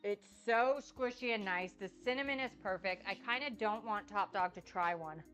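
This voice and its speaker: Faint music plays behind a young woman's mid-range, slightly bright voice at a moderate pace. She's a cooking streamer making casual cook-along chat on her livestream, raving enthusiastically as she samples what she made.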